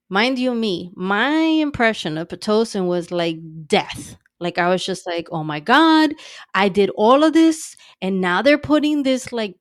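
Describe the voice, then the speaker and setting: A woman in her thirties tells her story in a loose, casual way. She is sarcastic, laughs often and swears freely. Her voice is smooth and clear, recorded close and dry, with a mid-range pitch. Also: no room sound. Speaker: podcast guest.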